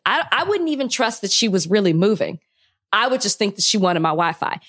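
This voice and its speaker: Female podcast co-host, blunt and emphatic, lively pitch. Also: fairly quick. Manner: blunt, laughs often, emphatic. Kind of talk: casual chat.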